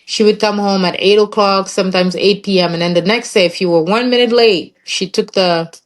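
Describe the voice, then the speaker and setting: A woman's voice: medium pitch, steady tone, a little fast. A young woman tells her personal story in an interview, and it is full of emotion. She slips into the voices of the people in her story as she goes. Her voice sits in a middle range for a woman. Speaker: interview guest.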